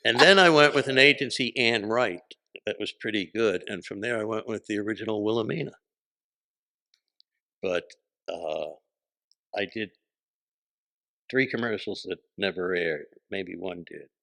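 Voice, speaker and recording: A man, a podcast guest telling stories in animated casual chat, acting out the voices he quotes. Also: fairly low pitch, normal speed, gravelly, pauses often. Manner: animated, acts out quoted voices, laughs often.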